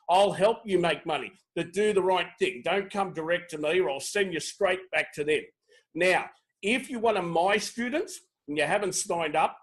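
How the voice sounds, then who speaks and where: Brash high-voiced man. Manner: brash, joking, pushy audience prompts. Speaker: webinar host. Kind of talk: lively sales webinar chat. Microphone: video call.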